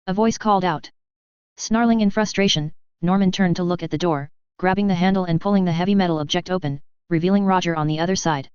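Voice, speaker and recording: A woman narrating a fan fiction story in a steady, even manner. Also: on the low side, fairly quick, smooth, no room sound, muffled recording.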